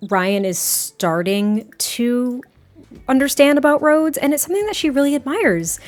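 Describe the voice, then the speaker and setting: A woman's voice: sits high, animated, unhurried, darkish tone. A young woman narrating a life-sim game story in a chatty, giggly, rambling way. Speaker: gameplay creator.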